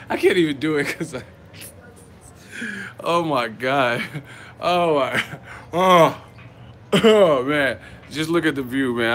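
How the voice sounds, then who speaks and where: A man's voice: mid-range voice, fairly bright tone, slight background noise. A man hosting a boxing live chat from a hotel room, telling profane, joking stories. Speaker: boxing YouTuber host. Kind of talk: live-chat vlog storytelling.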